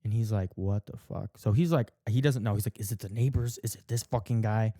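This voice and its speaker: A man's voice: fairly low pitch, fast, warm tone, no echo, clean studio sound. A man casually retelling a show's plot, swearing a lot, saying "like" often and acting out the characters' lines. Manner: heavy swearing, many "like" fillers, acts out quotes. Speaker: podcast co-host.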